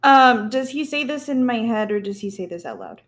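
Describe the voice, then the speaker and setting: A woman's voice: on the high side, expressive, normal speed. A woman player in a tabletop game who asks curious questions. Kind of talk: casual tabletop play.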